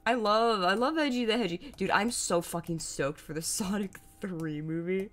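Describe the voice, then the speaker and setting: A woman's voice: medium pitch, moderate pace, hardly any pauses, a bit bright, a little hiss or hum. A young woman streaming a puzzle game, chatting casually with lots of swearing, giggles and playful sound-effect exclamations. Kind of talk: casual live gameplay commentary.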